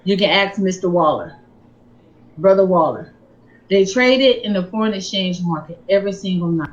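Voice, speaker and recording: A woman giving a sermon-style personal testimony, telling her story in an animated, emphatic way. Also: lowish voice, moderate pace, highs cut off. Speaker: speaker on faith and finances.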